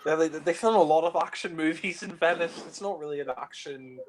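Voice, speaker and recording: A man's voice: fairly high pitch, fairly quick, a little hiss or hum. A man giving a casual film commentary, hesitant, full of "you know" fillers and restarts.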